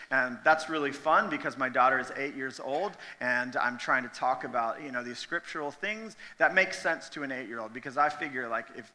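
Guy pastor, 30s, casual jokey sermon, kinda high voice, echoey church hall. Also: sharp tone. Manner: conversational, joking, emphatic. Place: church sanctuary. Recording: long hall reverb.

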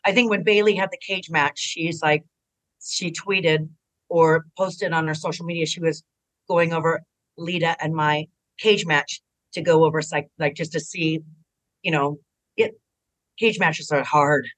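An animated middle-aged woman speaking as an interview guest, with a slightly low voice. She tells her stories casually and pops up into a higher pitch whenever she quotes someone. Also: measured pace, rough recording. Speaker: guest, retired pro wrestler.

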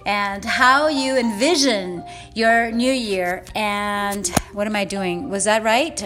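A woman fitness coach rambles emotionally in a casual vlog from home in the Eastern US time zone, laughing often. Her mid-range voice moves slowly over music, and she records on a phone without an external mic.

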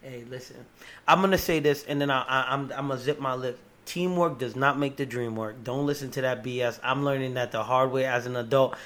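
A man hosting a podcast in casual chat, animated and profane, often restarting his sentences. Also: mid-range voice, brisk. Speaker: podcast host.

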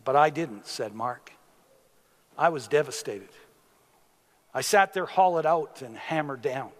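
A man preaching a sermon as a pastor, unhurried, with sudden emphatic rises in his voice. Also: mid-range voice, lively intonation, big-room sound.

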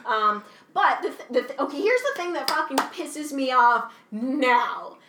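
A young woman from Canada chatting casually, animated and swearing freely, laughing often. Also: high voice, unhurried, echoey room, background noise. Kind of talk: casual chat.

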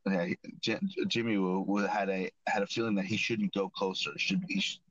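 In a low, steady voice with a fairly bright tone and a normal pace, a podcast host recaps an episode of his casual chat show. His delivery rambles, full of restarts and self-corrections, and the sound is dull, lo-fi and dry.

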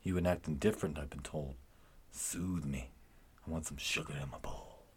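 Husky low-voiced man reading lyrics. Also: steady tone, normal speed. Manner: declaims with rising intensity.

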